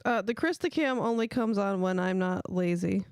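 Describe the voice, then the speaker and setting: A woman's voice: mid-range voice, moderate pace, clear, resonant tone, no room sound. A woman co-hosting and producing a casual podcast, chiming in with brief, wry remarks. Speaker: co-host and producer. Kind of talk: casual chat.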